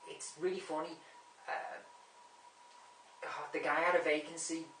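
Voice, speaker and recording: Guy rambling about movies, keeps forgetting names, bright voice, kinda far off in a roomy echoey room. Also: fairly high pitch, level tone, measured pace, slight background noise. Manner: rambling, keeps losing names and repeating himself. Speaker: movie vlogger ranking a top ten. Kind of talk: casual rambling film chat. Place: room at home. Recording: echoey room, mic at a distance.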